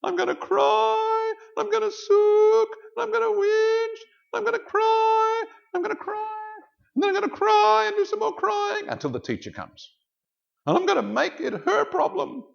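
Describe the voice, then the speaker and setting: A man voicing a small crying schoolboy who pleads with his mother and whines for the teacher, in a high, whiny, childlike voice. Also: expressive, a little slow, vocal fry, dull audio, heavily acted. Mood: whining.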